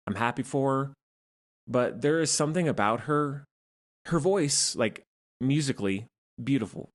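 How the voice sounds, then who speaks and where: Young adult male podcast host, casual solo review, frank and chatty, mid-range voice. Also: medium pitch. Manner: frank, conversational, hedging with fillers.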